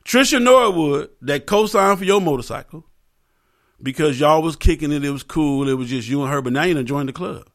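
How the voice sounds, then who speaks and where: A man's voice: on the high side, lively intonation, fairly quick. A man hosting a podcast, talking in a loose, profane, joking way, with lots of asides to his listeners. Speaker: podcast host. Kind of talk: casual comedic podcast rant.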